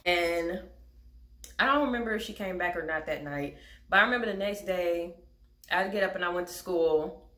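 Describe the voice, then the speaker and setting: A young woman with a fairly low, slightly bright voice tells a personal story in a casual storytime vlog. She's candid and chatty, swearing frankly and laughing wryly, and the room sounds echoey.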